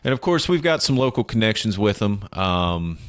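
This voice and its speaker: A man's voice: lowish voice, very animated, moderate pace. A man hosting a conversational interview, steering it with easygoing prompting questions. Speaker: podcast host.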